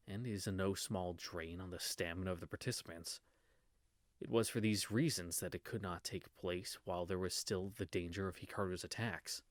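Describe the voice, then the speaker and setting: A man's voice: deep voice, dry recording, clean studio sound. A man reading a visual novel aloud in a casual read-through, stumbling on words and correcting himself with wry asides.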